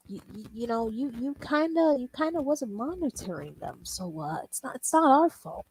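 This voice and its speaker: Drawing on a livestream, a young woman rambles casually, laughing and cursing frequently. Her voice is a little high and expressive, at a moderate pace, captured in a low-quality recording without echo.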